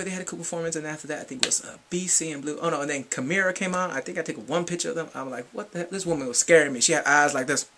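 A man giving a casual fan recap vlog, excitable and swinging between whispers and shrieks. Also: a little high. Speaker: fan vlogger.

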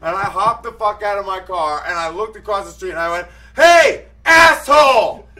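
A man's voice: high voice, steady tone, fast, sharp tone, poor audio. A man telling a rambling, profane story in a casual chat among friends. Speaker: podcast co-host.

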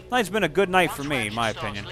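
A man giving profane, excitable live commentary while playing a video game and yelling at what happens on screen. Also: fairly high pitch, racing. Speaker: gaming streamer.

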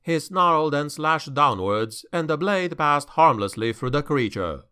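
A man narrating a dark fantasy audiobook in a measured, dramatic way. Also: fairly high pitch, expressive, clear, resonant tone.

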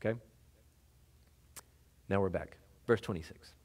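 A man's voice: medium pitch, moderate pace. A middle-aged male pastor preaching a sermon in a conversational, folksy way, with lots of fillers and restarts.

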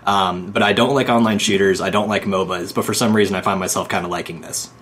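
A man hosting a podcast, talking in a measured, thoughtful way with many ums. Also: deep voice, steady tone, a bit bright. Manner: measured, thoughtful, filler-heavy. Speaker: podcast host. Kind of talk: casual podcast chat. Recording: faint background noise.

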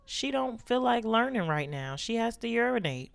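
A woman's voice: fairly high pitch, sing-song, moderate pace, creaky, dry recording. A woman hosting a life-simulation let's play, giving a sassy, joking running commentary on what the characters do. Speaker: gaming channel host.

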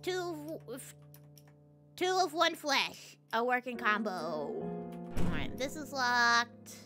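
A woman's voice: on the high side, expressive, slow pace, over music. A woman with a Southern American accent streaming a game, goofy and chatty, reading game text aloud. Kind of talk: casual let's-play commentary.

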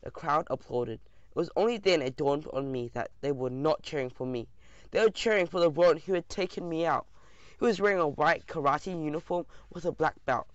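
A man reading a first-person audiobook aloud in a lively, expressive way. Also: fairly high pitch, fairly quick, no room sound, dull audio. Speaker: audiobook narrator.

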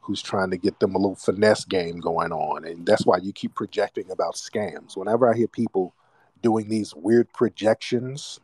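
A man's voice: deep voice, moderate pace, darkish tone, slightly rough, no room sound. An American man hosting a call-in radio show, mocking and trash-talking his callers. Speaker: radio host.

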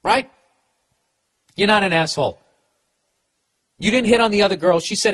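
A man's voice: sits high, animated, normal speed, pauses often, a bit bright. A middle-aged man with a Boston accent hosting a podcast, giving comedic advice in a profane, ranting way with stammering restarts. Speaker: podcast host.

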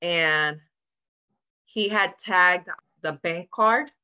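She's a guest in a candid podcast conversation, talking very slowly and smoothly as she relates her story with earnest emotion and imitates those she quotes. Her lowish voice is bright and forceful, though the audio sounds a bit dull and lo-fi.

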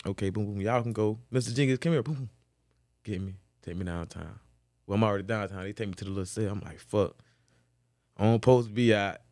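Man, casual storytelling, profane, animated, dry close mic. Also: fast talker, no room sound. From Florida. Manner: profane, animated storytelling, repeats "boom" as a beat. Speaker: guest, former football player.

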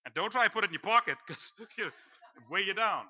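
A man preaching a storytelling sermon in church, acting out his own panic and dropping to a low hush for the voice of God. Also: animated, fast. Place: church sanctuary. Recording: dull lo-fi live stream.

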